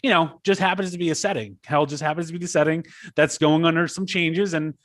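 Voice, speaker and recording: A man's voice: a little high, fairly even intonation, fast talker, no echo, studio quality. A man hosting a podcast interview, affable and chatty with plenty of fillers. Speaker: podcast host.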